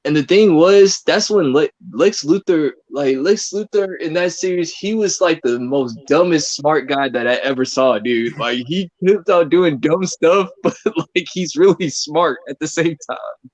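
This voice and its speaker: A man co-hosting a casual group chat who talks excitedly, laughs often and fills his speech with 'like' and 'dude'. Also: fairly high pitch, unhurried, no echo. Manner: excitable, laughs often, uses lots of fillers. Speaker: co-host. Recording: dull dry call audio.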